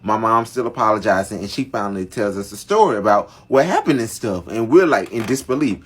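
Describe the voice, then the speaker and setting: A man's voice: lowish voice, expressive, brisk, breathy edge. A young man narrating a dramatic family story to his viewers in a chatty, casual storytime style. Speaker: storyteller vlogger.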